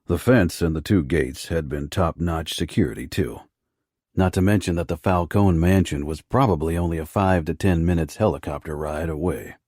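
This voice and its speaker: A man narrating a first-person romance audiobook in a low, rough, hushed delivery. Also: normal speed, no echo, studio quality.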